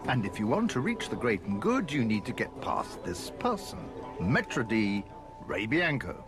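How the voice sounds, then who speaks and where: A man's voice: mid-range voice, very animated. English man narrating a documentary over music. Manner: measured, wry storytelling. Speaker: documentary presenter.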